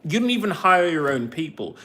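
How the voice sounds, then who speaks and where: A man's voice: fairly high pitch, very animated, a little fast, sharp tone. A man with an English accent, born in the United States, chatting casually with his viewers and teasing them with sarcastic asides. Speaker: streamer talking to his viewers. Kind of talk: casual chat, replying to viewers.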